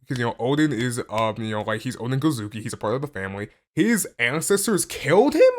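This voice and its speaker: Man, casual reaction commentary, excitable, stammers, lots of "like", lively animated pitch, mid voice. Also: brisk, hardly any pauses. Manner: excitable, stammering, heavy use of "like"; reads text aloud between reactions. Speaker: channel host reacting to a comic chapter.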